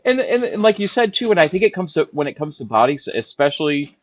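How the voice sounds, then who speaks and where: A man's voice: fairly high pitch, very animated, fast. A man hosting a podcast, responding in a reflective and supportive way in casual conversation. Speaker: podcast host. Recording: dull lo-fi sound.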